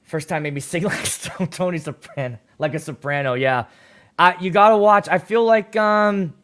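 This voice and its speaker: A man's voice: high voice, normal speed, fairly bright tone. A man hosting a casual livestream, reading viewer comments aloud and telling loose, crude jokes into a studio microphone. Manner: loose, joking and rambling, with crude humor. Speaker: DJ and livestream host.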